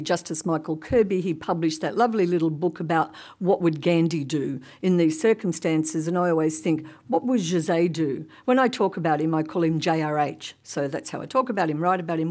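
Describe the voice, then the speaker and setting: A woman's voice: fairly low pitch, animated, fairly quick, few pauses, a little mellow. A woman giving a chatty conference talk, with many ums and frequent laughs. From Australia. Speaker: conference panel speaker. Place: conference hall.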